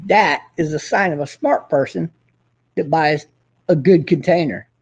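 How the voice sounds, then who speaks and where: A man's voice: on the high side, measured pace, gravelly, breathy edge, dull audio. A man hosting his own show, ranting in a profane, combative and boastful way. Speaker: host. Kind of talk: casual ranting monologue.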